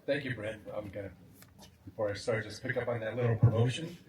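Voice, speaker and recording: A man giving a warm, reflective memorial speech, chuckling now and then. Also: on the low side, fairly quick, heavy background noise. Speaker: memorial speaker. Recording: echoey sound from a distant mic.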